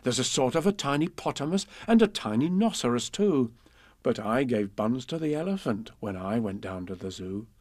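A man's voice: mid-range voice, normal speed, dry recording. Man reading children's stories aloud. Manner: gentle, expressive storytelling.

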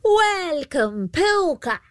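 High shrill old banshee lady calling out across a feast, narrator putting her on, dry sound. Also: very animated, a little slow, no echo. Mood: hailing. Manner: loud, welcoming call. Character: cackling old female banshee hostess.

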